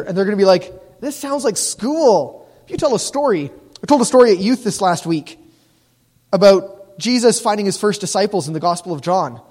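High-voiced joking youth pastor in a hall. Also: male voice. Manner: jokey, animated, laughs at own lines. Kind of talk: casual sermon.

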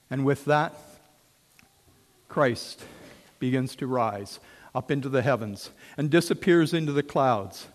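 A man preaching a sermon as a story, swinging from hushed tones to shouts. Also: medium pitch, a little slow, long pauses. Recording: long hall reverb.

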